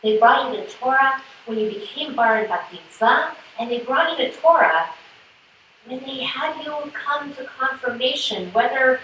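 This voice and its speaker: A woman's voice: high-pitched, expressive, moderate pace, bright, forceful tone, slight background noise. A woman rabbi addressing a confirmation class, emotional and tearful, laughing through her words. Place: synagogue sanctuary. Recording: echoey sanctuary from far off.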